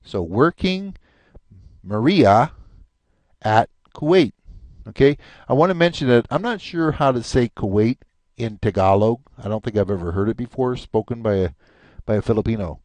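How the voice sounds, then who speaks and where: Patient, lively male language teacher. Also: medium pitch, no echo. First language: English. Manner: patient, repeats each word slowly, chatty asides. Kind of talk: recorded language lesson.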